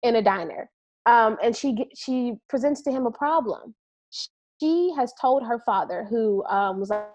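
A woman co-hosting a podcast, casually retelling a movie plot with lively asides and laughter. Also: a little high, normal speed. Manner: animated storytelling with quoted voices and laughter. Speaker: podcast co-host. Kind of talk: casual movie review chat.

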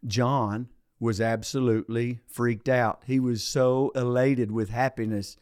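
A man who is a preacher, giving a casual devotional talk and telling a joke story in a relaxed, conversational way. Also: mid-range voice, a little slow, dry recording, studio quality.

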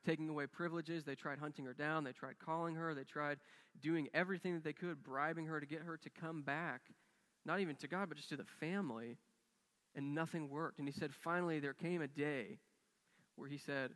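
A man's voice: fairly high pitch, fairly even intonation, brisk, a bit bright. Earnest man preaching in a reverberant church hall. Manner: earnest, acts out quoted dialogue with rising and falling intensity. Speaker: pastor. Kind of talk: sermon storytelling. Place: church sanctuary.

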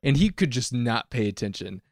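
A young man spins a rambling story on a podcast, his pitch swinging up and down as he goes. The sound is dry and close with no room around it. He talks in an easy, chatty way. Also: brisk, no room sound. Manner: animated, rambling anecdotes with frequent laughs. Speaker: podcast co-host. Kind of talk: casual storytelling chat.

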